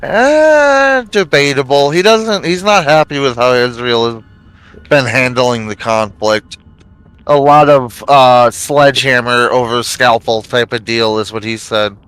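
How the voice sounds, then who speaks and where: A man in a casual chat over a game stream, telling stories in a crude, profane, animated way. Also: medium pitch, measured pace, clear, resonant tone, dry recording, rough recording. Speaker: father and stream co-host.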